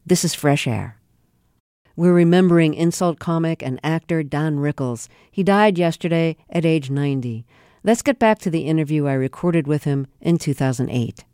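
A radio host reading scripted links between interview segments in a crisp, even delivery. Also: medium pitch, moderate pace, no room sound, clean studio sound.

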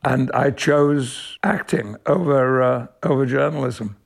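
A man's voice: medium pitch, slow, creaky, husky. An older actor from Yorkshire, telling stories from his past in a reflective interview. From Yorkshire, England. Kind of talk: reflective storytelling.

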